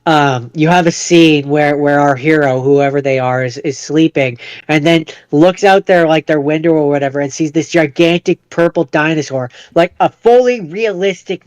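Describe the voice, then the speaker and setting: A man's voice: a little high, normal speed, hardly any pauses, clear, resonant tone, no room sound. A man co-hosting a podcast, speculating aloud and repeating words as he thinks. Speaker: podcast co-host. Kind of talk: casual chat.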